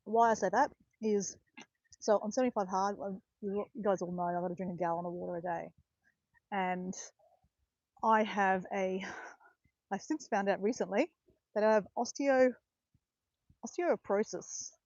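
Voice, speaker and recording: A woman's voice: mid-range voice, moderate pace, long pauses, darkish tone, no echo, muffled recording. A woman of around fifty chatting casually while walking outdoors, rambling and correcting herself as she goes. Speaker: vlogger. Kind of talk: casual walking vlog chat. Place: outdoors in botanical gardens, walking.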